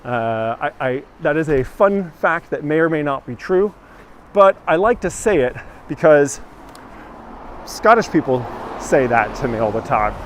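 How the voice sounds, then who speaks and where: A fairly high-voiced man guides a live walking tour, talking in a loose, jokey way and answering comments as he goes. He is outdoors on a village street, and faint traffic hums behind him. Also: sing-song, unhurried.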